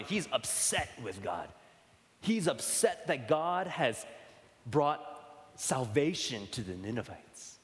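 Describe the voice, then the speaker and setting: A man delivers a sermon in a mid-pitched voice, talking conversationally and posing rhetorical questions. He often lowers his voice to a soft, tender tone. His words ring out with a long reverb, as in a church sanctuary. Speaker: pastor.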